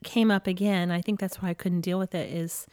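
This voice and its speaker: Forties woman, co-host and ministry leader, candid and lively storyteller in casual spousal chat. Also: on the low side, brisk. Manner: candid, animated storytelling with laughs.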